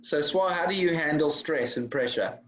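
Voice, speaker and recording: Over a video call with dull lo-fi audio, a male host asks questions in a rambling, friendly casual chat, repeating himself. His voice is fairly high and fairly bright, and he speaks at a moderate pace.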